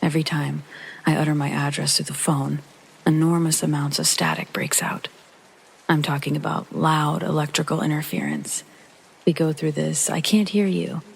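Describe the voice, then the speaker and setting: A man hosting and narrating a true horror story in a hushed, half-whispered way, with a gravelly, husky and breathy voice. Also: on the high side, expressive, normal speed, low-quality recording. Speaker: host and narrator.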